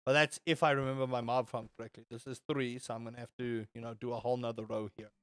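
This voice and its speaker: A man's voice: medium pitch, little pitch movement, fast talker, clear, resonant tone, no room sound, studio quality. A young man on a casual gaming livestream. He rambles, swears, answers chat and reacts to the game.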